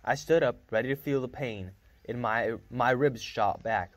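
A man's voice: medium pitch, unhurried, no echo. A man reading a novel aloud in a casual first-person storytelling manner, with small slips and restarts. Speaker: reader.

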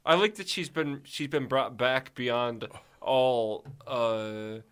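A man's voice: medium pitch, takes it slowly, a bit bright, clear, resonant tone. A man co-hosting a podcast in casual chat, dropping dry, wry quips. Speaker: podcast co-host.

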